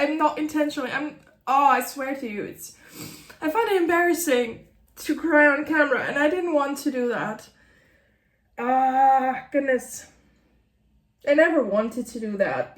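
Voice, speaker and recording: A woman in her late thirties speaks with a high, light voice, in slow, unhurried phrases. She gives a candid update to camera from her desk, halting and apologetic, restarting her sentences and laughing through tears. The room around her rings with echo. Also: a bit bright. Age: late 30s. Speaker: author vlogger.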